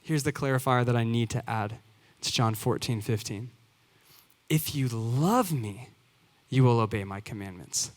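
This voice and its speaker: A man in his twenties with a mid-range voice, speaking a little slowly, preaches earnestly as a youth pastor. He builds to emphatic, repeated phrases. The church sanctuary gives the recording long hall reverb.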